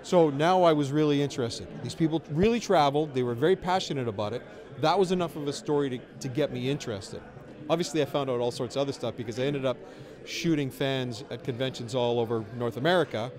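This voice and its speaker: A man's voice: mid-range voice, fast talker, darkish tone. Chatty middle-aged man telling stories. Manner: chatty storyteller, wry and self-deprecating. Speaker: interviewee, filmmaker. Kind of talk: casual interview chat. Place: outdoors at a festival.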